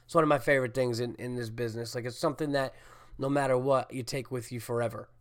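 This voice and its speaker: A congested man, a stand-up comedian and podcast host, talking in a rambling, animated monologue full of fillers and swearing. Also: mid-range voice, fast. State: congested, getting over a cold. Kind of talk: casual solo podcast monologue.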